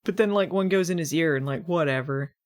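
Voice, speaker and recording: A woman's voice: low voice, fairly quick. Chatty woman podcaster laughing a lot. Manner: chatty, laughs often, many "like" fillers. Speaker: podcast co-host. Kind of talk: casual chat recapping a TV episode.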